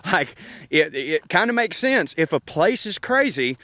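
A man's voice: high-pitched, measured pace. A man from North Georgia with a Southern accent, rambling and joking in a casual rant while walking outdoors. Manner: rambling, joking, animated, laughs often. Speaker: comedian podcast host. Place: outdoors, walking on an overcast windy day.

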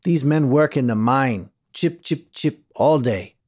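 A man's voice: medium pitch, animated, darkish tone, dry recording, clean studio sound, pitched above the performer's own voice. Proud laundryman, clipped broken English, as a male narrator puts him on, audiobook western. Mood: matter-of-fact. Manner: clipped, halting, insistent. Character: proud middle-aged Chinese laundryman, broken English, dignified.

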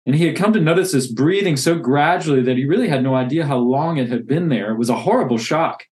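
A man's voice: on the high side, fast, darkish tone. A man who plants churches reads from a classic novel and reflects earnestly on faith. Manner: earnest, reflective, with many restarts.

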